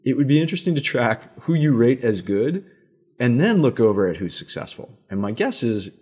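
A middle-aged media executive, appearing as a guest in a conversational interview, tells stories in an animated way, dropping in emphatic asides. His voice is mid-range with a breathy edge, and he speaks fairly quickly.

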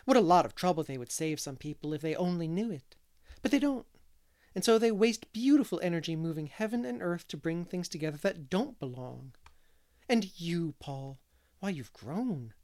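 A man voicing a gentle, romantic woman who speaks in a warm, dreamy way. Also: on the high side, lively intonation, moderate pace. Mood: welcoming.

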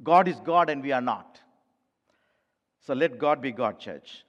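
A man's voice: mid-range voice, animated, measured pace, a bit bright, dull audio. A man preaching a sermon as pastor, emphatic and addressing the congregation directly as church. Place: church sanctuary. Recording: long hall reverb.

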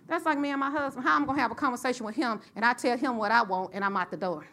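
A middle-aged woman preaching a sermon and telling a personal story, in a lively call-and-response style that rises to shouts. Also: on the high side, fast talker, few pauses.

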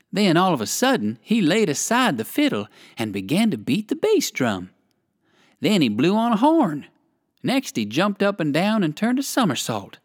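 A narrator reading a children's story aloud in an expressive, sing-song way. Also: mid-range voice, no room sound, clean studio sound.

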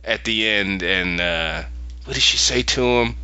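A young man hosting a podcast, casually recapping a TV episode and acting out the characters' lines in quick voices. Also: on the low side, sharp tone, clean tone, no echo, lo-fi sound.

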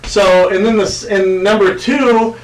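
High-voiced rambling podcast host. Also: male voice, slow. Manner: crude, rambling and animated, with many fillers. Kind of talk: casual chat. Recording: echoey room, voice from a distance.

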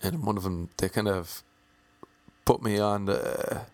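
A man's voice: fairly low pitch, measured pace, no echo. A man telling a comic anecdote, acting out the voices of the people in it and swearing casually. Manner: lively, acts out the voices in his story; swears casually, self-mocking. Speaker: storyteller.

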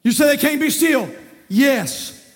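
A man preaching a fiery sermon, folksy and repetitive, swinging from quiet talk to shouting. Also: very high voice, expressive, takes it slowly. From North Carolina, USA. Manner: folksy, repeats words. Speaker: pastor.

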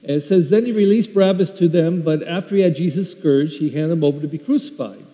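An older man, a parish priest, telling a story in an earnest Sunday sermon that swings between loud and soft. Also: fairly high pitch, fast. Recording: lo-fi recording in a reverberant church.

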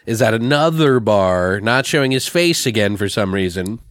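A man's voice: on the low side, normal speed, no room sound, studio quality. A man casually recapping a movie, swearing and laughing often as he tells it. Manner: profane, laughs often, animated storytelling. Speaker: podcast host.

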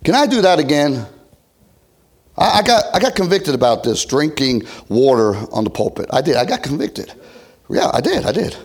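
A middle-aged man preaching a revival sermon, folksy, swinging from loud shouts to hushed near-whispers. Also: on the high side, sing-song, moderate pace, breathy edge. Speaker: pastor.

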